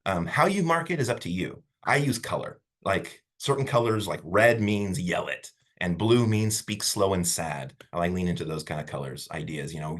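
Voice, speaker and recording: A male college instructor lectures a public speaking class over a video call, talking casually and rambling with fillers. His voice sits low with a slightly husky grain, and his pitch leaps around animatedly. It comes through a simple computer microphone.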